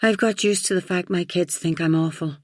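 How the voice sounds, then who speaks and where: A woman's voice: lowish voice, fairly even intonation, a little fast, a little mellow, no echo, studio quality, close to an everyday voice. A woman reading an audiobook, voicing a tipsy, blunt middle-aged friend who talks frankly with a slight slur. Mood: tipsy rambling. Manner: slightly slurred, frank and rambling.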